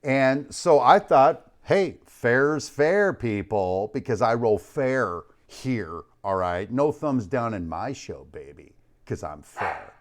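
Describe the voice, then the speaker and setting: Hyped host with a lively swinging voice. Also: male voice, slow, hardly any pauses. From United States. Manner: hyped, playful, shouts out chat names, trails off low. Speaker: host of a live online show. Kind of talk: energetic live-stream chat. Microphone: studio mic.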